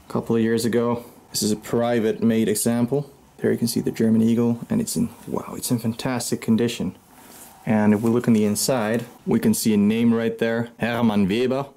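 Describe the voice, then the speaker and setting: A Dutch collector and channel host with a Dutch accent gives an enthusiastic show-and-tell tour of the collection room in his home, pointing out items one by one. His fairly low voice is a little mellow, with vocal fry.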